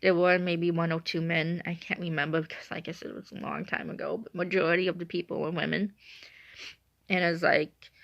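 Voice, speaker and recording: A woman's voice: fairly low pitch, level tone, brisk, vocal fry, dry recording. A woman in her twenties telling a story in a casual, rambling way and often correcting herself. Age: 20s. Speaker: vlogger. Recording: dry, dull lo-fi recording.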